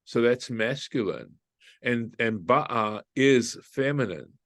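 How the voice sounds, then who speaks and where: A man's voice: medium pitch, lively intonation, slow pace, no echo. A man, a rabbi, leading an informal Torah study class, thinking aloud, translating Hebrew phrases and often checking in with "right?". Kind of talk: informal group Bible study.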